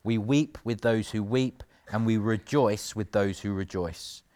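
A man's voice: lowish voice, unhurried, mellow. A man preaching a sermon in an earnest, conversational way, with self-mocking asides.

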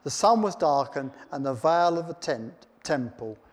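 Man preaching, fairly high voice. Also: expressive, measured pace. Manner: reads scripture aloud then comments in plain chat. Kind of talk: sermon. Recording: long hall reverb.

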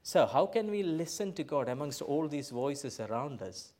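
A middle-aged man, a pastor, preaching a sermon in a church, emphatic, swinging from loud bursts to quiet asides. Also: a little high, big pitch swings, moderate pace. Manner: emphatic, rising to loud bursts then dropping soft.

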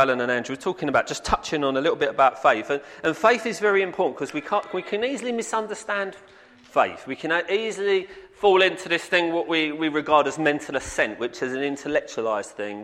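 A man's voice: on the high side, fairly bright tone. A man preaching a sermon, earnest and repetitive, often calling out "amen". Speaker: pastor. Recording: long reverb in a hall.

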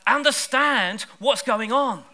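A man preaching a sermon in church, lively and conversational, pushing hard on key words. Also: very high voice, slow pace. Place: church service.

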